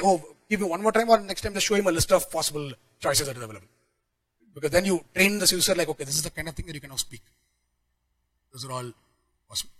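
A man giving a technical conference talk, talking quickly with frequent restarts and fillers. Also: on the high side, a bit bright, poor audio. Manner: rapid, many restarts and fillers. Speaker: conference speaker.

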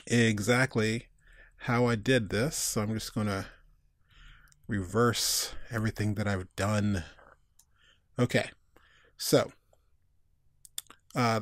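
A man hosting a casual software tutorial, talking in a relaxed, chatty way with many fillers. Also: fairly low pitch, gravelly, dry recording, clean studio sound. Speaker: tutorial host.

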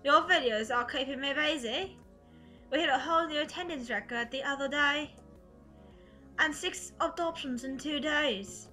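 Woman putting on a charming older boss, theatrical and flattering, with a put-on British accent. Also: high voice, normal speed, music in the background, close to an everyday voice. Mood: suave. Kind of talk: reading game dialogue aloud.

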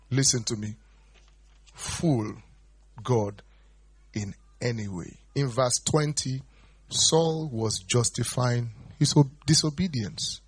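A man's voice: husky, no echo. A middle-aged man preaching a sermon as pastor, dramatically acting out pleading quotes. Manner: dramatic, acts out quoted pleas with big pitch jumps.

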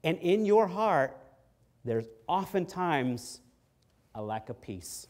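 A man preaching a sermon in a fairly high voice. He is emphatic, dropping low and then rising loud, and he acts out the quotes in his story. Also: very animated, slow. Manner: emphatic preaching that swings between soft and loud. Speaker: pastor.

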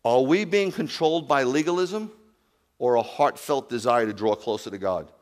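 A man preaching a sermon as rabbi, animated, swinging from loud exclamations to quiet asides. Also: medium pitch, normal speed, long reverb tail.

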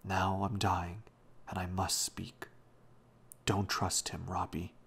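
A man's voice: low voice, monotone, slow, creaky, fairly bright tone, slightly rough, exaggerated voice. A man doing a wheezing dying old grandfather. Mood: urgent warning. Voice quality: wheezing, faint. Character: frail dying old man, anxious and urgent.

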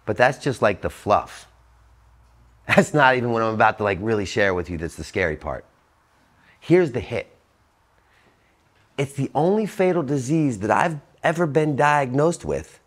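Man, 40s, motivational speaker at a rehab event; blunt, swearing, punchy, dynamic delivery, mid pitch. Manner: blunt, profane, emphatic with sudden swings in pitch and loudness. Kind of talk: recovery talk to an audience. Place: treatment center talk.

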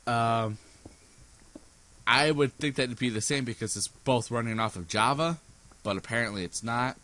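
A man's voice: medium pitch, fairly bright tone. A sleep-deprived man hosting a casual gameplay commentary, rambling giddily and breaking into screams and laughs. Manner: giddy, rambling, prone to sudden screams and laughter. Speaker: gaming channel host. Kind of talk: casual let's play commentary.

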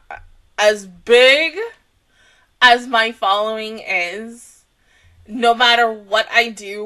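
A woman hosting an anime reaction video, talking in a casual, rambling, excitable and emotional way. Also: mid-range voice.

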